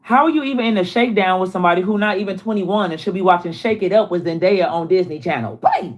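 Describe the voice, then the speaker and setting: A narrator reading scripted, mocking celebrity commentary. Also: medium pitch. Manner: quick, mocking, punchy delivery.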